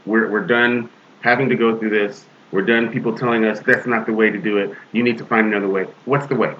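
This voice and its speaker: A man co-hosting a podcast, talking earnestly in a halting way with many restarts. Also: fairly low pitch, steady tone. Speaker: podcast co-host. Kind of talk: casual podcast discussion. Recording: dull lo-fi audio with faint hiss.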